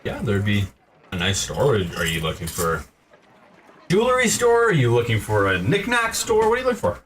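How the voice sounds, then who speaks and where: Male game master, lively pitch, relaxed rambling narration, recorded from a distance. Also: moderate pace. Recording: distant mic, noisy room.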